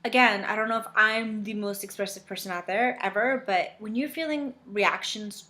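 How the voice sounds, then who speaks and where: A woman's voice: medium pitch, normal speed, pushed and bright. Sarcastic woman reading a novel aloud. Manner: sarcastic, exasperated. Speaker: reader of a novel with commentary.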